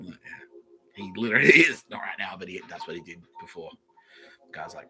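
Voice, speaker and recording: A man's voice: deep voice, very animated, moderate pace, long pauses, bright, forceful tone, faint music behind, low-quality recording. An Australian man hosting a podcast, rambling casually and swearing freely. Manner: swears freely, loose and laughing. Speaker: podcast host.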